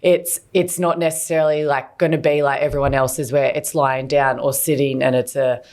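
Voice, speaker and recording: A woman's voice: rumbling low, level tone, moderate pace, a little mellow. A woman co-hosting a podcast, talking in a candid, chatty way with lots of fillers and restarts. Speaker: podcast co-host. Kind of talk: casual chat.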